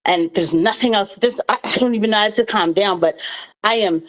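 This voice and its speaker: A woman speaking on a live audio panel, angry and emphatic, ranting in a fast-flowing rush. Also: mid-range voice, rough recording.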